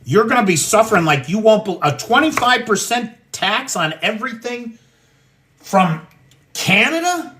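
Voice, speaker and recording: Talking from his home kitchen on a casual livestream, an American man cooks and rants bluntly, swearing freely. His voice is high-pitched, animated and a bit bright at normal speed, with a little hiss or hum on the recording.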